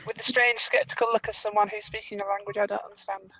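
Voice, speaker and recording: A woman's voice: mid-range voice, level tone, fast talker, pushed and bright. A woman with an English accent, a player in a tabletop game, asking questions casually. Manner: casual, asks questions in character play. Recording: dull dry lo-fi recording.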